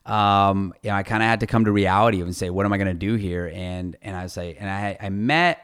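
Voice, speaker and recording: A man with a low voice tells stories from his career in a loose interview. His tone is animated and he swears casually. His voice is smooth and resonant. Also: fairly quick. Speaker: guest, lawyer.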